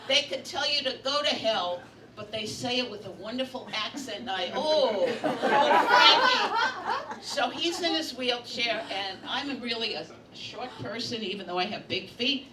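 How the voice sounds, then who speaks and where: A woman's voice: on the high side, expressive, unhurried, over a noisy crowd. Brash older New woman comedian. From Brooklyn, New York. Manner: brash, bawdy storytelling with punchlines. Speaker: stand-up comedian. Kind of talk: stand-up comedy set. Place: bistro bar comedy night. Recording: echoey, distant, noisy bar room.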